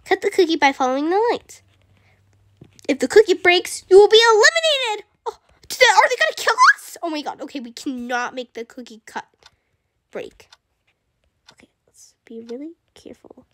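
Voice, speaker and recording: A woman voicing Fluttershy, a timid gentle young female pony, talking through a video game and gasping at every fright. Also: extremely high pitch, very animated, normal speed, heavily acted. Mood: nervous. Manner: easily frightened, gasps and soft exclamations. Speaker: gamer. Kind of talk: playing a video game in character. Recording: constant background noise.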